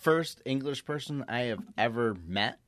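A man's voice: medium pitch, normal speed, fairly bright tone, no room sound, clean studio sound. A young man co-hosting a casual podcast, easygoing and jokey. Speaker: podcast co-host. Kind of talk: casual chat.

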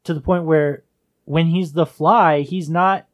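A man co-hosting a podcast, talking about films with enthusiasm and drawn-out musing. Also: fairly high pitch, fairly even intonation. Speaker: podcast co-host. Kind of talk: casual film discussion.

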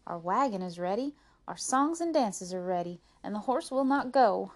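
A woman reading a children's book aloud, voicing May May, a bossy, excitable young woman singer traveling west. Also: medium pitch, moderate pace, natural voice. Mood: upset.

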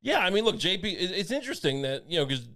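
A man's voice: sits high, big pitch swings, quick pace, sharp tone. A man co-hosting a podcast in casual chat, rambling and joking with crude asides and frequent restarts. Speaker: podcast co-host.

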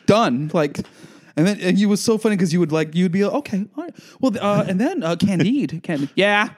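Animated man, higher voice, gushing. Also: a little fast. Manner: animated, gushing, breaks into sung quotes. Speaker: podcast co-host. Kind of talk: casual chat.

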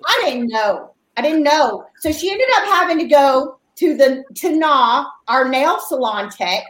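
A woman on a podcast, telling a story with animated swings of pitch. Her voice sits high, and the room adds a noticeable echo. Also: unhurried. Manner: lively storyteller, acts out quotes with loud squeals. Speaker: podcast guest. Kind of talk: casual chat, storytelling.

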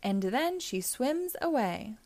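A woman's voice: a little high, sing-song, takes it slowly, darkish tone, no room sound. A woman hosting storytime, reading a rhyming children's book aloud in a sing-song manner. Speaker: storytime host.

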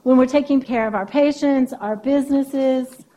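A woman's voice: sits high, normal speed, warm tone, low-quality recording. A woman therapist giving a keynote speech in a conversational lecturing way, often checking in with "right?".

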